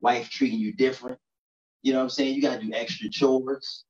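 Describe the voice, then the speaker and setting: A man's voice: medium pitch, flat delivery, a little fast, distant mic. Man doing stand-up comedy, from New York City, chatty crowd work, roomy echo, dull lo-fi sound. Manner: conversational, keeps asking "you know what I'm saying".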